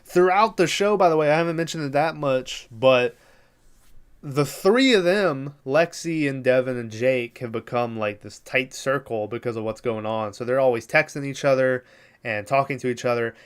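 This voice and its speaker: A man's voice: medium pitch, moderate pace, clear, resonant tone. Rambling young man recapping a show. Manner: rambling, lots of fillers and swearing. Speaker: podcast host.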